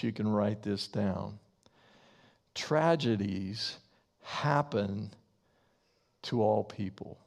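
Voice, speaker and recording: A male pastor preaching a sermon in a slow, deliberate way, repeating key lines for emphasis. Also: medium pitch, creaky, a little mellow.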